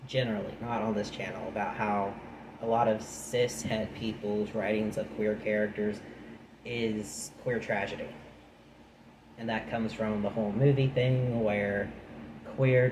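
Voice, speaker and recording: A man with a fairly low voice reads a nonfiction book aloud, then drifts into chatty, dry remarks of his own. The recording is echoey, with steady noise behind him. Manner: breaks off from reading into chatty, dry asides. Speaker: channel host reading a book aloud. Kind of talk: reading a nonfiction book aloud with casual commentary.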